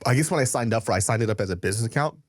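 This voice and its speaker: A man's voice: medium pitch, racing, dry recording, studio quality. A man co-hosting a podcast in casual chat, swearing often and getting worked up as he tells stories. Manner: animated, swears a lot, voice jumps when worked up. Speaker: podcast co-host.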